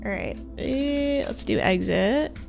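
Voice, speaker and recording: Woman, game streamer, casual commentary, self-mocking, gravelly fry, faint background music. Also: high-pitched, expressive, slow, darkish tone. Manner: chatty, self-mocking, talks to herself.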